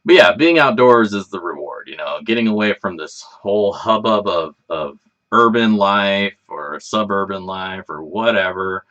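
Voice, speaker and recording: A man with a lowish voice hosts a casual livestream and rambles from one thought to the next. His pitch moves a lot, rising and falling as he talks. He's relaxed and swears freely. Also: moderate pace, highs cut off. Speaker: livestream host.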